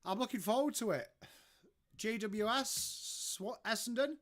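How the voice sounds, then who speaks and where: A man's voice: high-pitched, a little slow, a bit bright. A man with an English accent hosting a casual live-stream watchalong from home, chatting along and greeting viewers by name as he reacts to their messages. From England.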